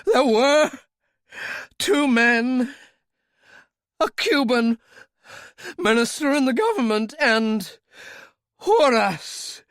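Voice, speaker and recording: A man's voice: very high-pitched, animated, drawn-out words, pauses often, a bit bright, no echo, studio quality, pitched above the performer's own voice, exaggerated voice. An audiobook reader voicing a terrified, suffocating male villain who pleads and shrieks for his life, gasping and out of breath. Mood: desperate confession.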